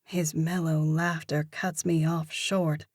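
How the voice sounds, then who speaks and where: A woman narrating a first-person romance audiobook, in a measured, expressive manner. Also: low voice, no echo, clean studio sound.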